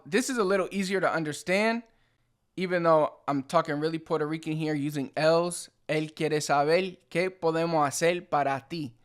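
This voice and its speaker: A man's voice: fairly high pitch, fairly bright tone. A man from the Dominican Republic giving a casual video lesson as the channel's host, talking loosely with lots of "like" and "you know.". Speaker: Spanish teacher and channel host.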